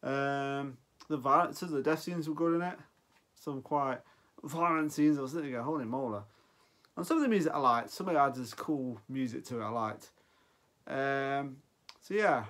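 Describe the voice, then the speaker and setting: A man's voice: mid-range voice, moderate pace, a bit bright. A man in his forties giving an off-the-cuff film review, rambling and often losing his thread mid-sentence. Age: 40s. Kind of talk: casual unscripted film review.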